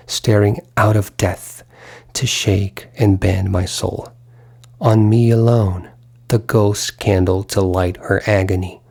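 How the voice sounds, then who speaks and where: A man narrating a literary audiobook in a measured, deliberate way. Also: fairly low pitch, creaky, darkish tone, breathy edge. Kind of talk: scripted narration.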